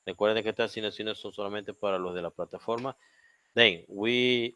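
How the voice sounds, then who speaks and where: A man's voice: lowish voice, a bit bright, smooth, dry recording. A man with a Chilean Spanish accent teaching an English grammar lesson, repeating each point in Spanish and spelling out letters.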